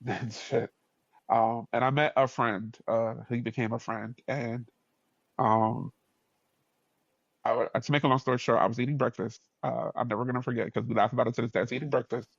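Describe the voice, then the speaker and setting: A man from New York, speaking with a New York accent, tells a story as a podcast guest with an animated, expressive delivery. He acts out the people in his story, jumping up in pitch and laughing often. His voice sits at an ordinary middle pitch, and the audio is dry and a little dull. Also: creaky, breathy edge, no echo. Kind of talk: casual storytelling in conversation.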